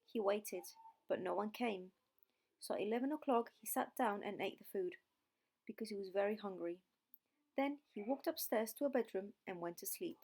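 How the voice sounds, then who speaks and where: A woman reads a classic fairy tale slowly and deliberately for English learners. Her voice sits at a moderate pitch and has a noticeable vocal fry. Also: darkish tone. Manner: slow, deliberate reading. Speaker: audiobook narrator. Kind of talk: slow, clear story narration for English learners.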